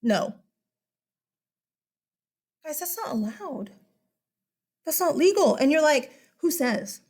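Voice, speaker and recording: A woman's voice: sits high, very animated, slow pace, a little mellow. Chatty woman teaching history. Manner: chatty, rhetorical questions, addresses listeners as guys. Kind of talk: casual classroom lecture.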